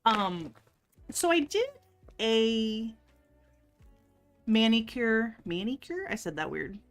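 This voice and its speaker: A woman's voice: fairly high pitch, big pitch swings, slow. A woman hosting a casual livestream, chatty and giggly, greeting her chat by name. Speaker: livestream host. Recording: faint music underneath.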